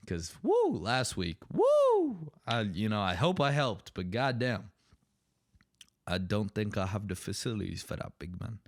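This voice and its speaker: A man's voice: on the low side, normal speed, gravelly. A young man hosting a solo comedy podcast, ranting sarcastically with plenty of swearing. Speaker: podcast host.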